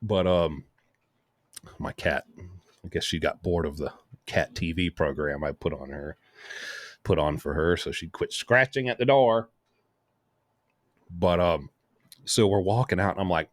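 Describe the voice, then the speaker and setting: A man's voice: low voice, unhurried, long pauses, no echo. A man hosting a casual show, telling a long, rambling story with many asides. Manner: rambling, lively anecdote full of asides. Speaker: host.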